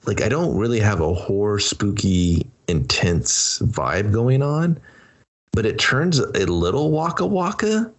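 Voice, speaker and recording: Low-voiced man as casual movie podcast co-host, loose and rambling. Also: very animated, a little slow. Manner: rambling, loose and laid-back, drops fillers like "dude" and "like". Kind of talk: casual movie review chat.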